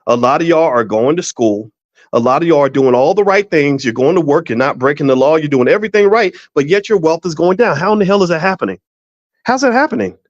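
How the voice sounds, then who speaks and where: Middle-aged male host, animated storyteller, folksy restarts, slightly high voice, dry dull lo-fi sound. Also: fast talker, no echo. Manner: folksy, repeats himself and restarts often. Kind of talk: casual commentary monologue.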